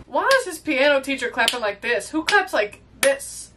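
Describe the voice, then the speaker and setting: Brief: woman in her 20s, high and very animated voice, movie reaction host. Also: normal speed, background noise. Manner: animated, exclamatory, chatty. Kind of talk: casual movie reaction commentary.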